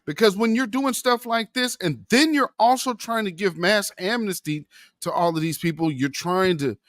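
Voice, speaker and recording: A man's voice: high-pitched, normal speed, a bit bright, no echo, studio quality. A man hosting a political commentary vlog, impassioned and preachy, calling his viewers family and brother. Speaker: commentary channel host.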